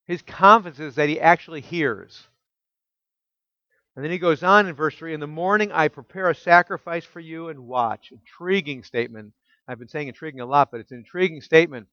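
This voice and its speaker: A man preaching a sermon as pastor, emphatic and full of rhetorical questions, dropping soft and low when quoting scripture. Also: fairly quick, dry recording, dull audio.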